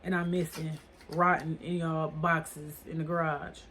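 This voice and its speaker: A woman's voice: low-pitched, level tone, a little slow, a bit bright, a little hiss or hum. A woman casually telling a story to her viewers, rambling and swearing, with lots of "like" and "or whatever.". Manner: rambling, profane, heavy use of "like" and "or whatever". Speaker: storytime vlogger.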